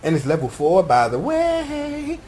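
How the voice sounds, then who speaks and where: A man voicing a bubbly, gossipy young woman in a high, sing-song voice. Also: wildly swooping pitch, measured pace, a little mellow, slight background noise, full character voice. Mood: chirpy.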